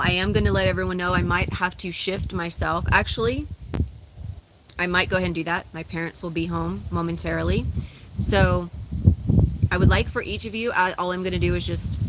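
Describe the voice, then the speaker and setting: A woman leading a guided meditation, giving slow, soothing, repetitive instructions and affirmations. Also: fairly low pitch, very noisy. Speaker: spiritual guide.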